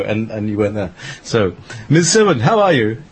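A man hosting an internet radio talk show, slow and rambling with many fillers. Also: on the low side, big pitch swings, background noise. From Scotland. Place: home studio in northern Scotland.

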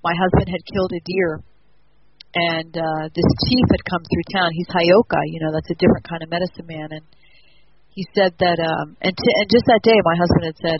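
A woman's voice: on the low side, fairly quick. Woman, 50s, rambling guest storyteller, muffled lo-fi audio with constant hiss. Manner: meandering, repetitive, soft-spoken. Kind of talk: casual spiritual storytelling. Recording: dull lo-fi audio with steady noise.

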